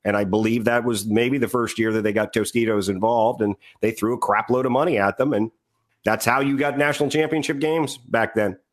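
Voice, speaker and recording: A man's voice: medium pitch, fairly even intonation, brisk. A man co-hosting a sports podcast, talking casually and rambling through trivia with many fillers. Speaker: podcast co-host.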